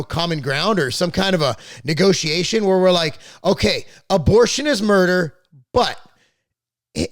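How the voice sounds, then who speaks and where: A man with a fairly high voice, recorded dry in studio quality, hosts a podcast. He talks politics casually and at great length, opinionated and blunt, dropping profanity now and then while rambling, restarting sentences and repeating words.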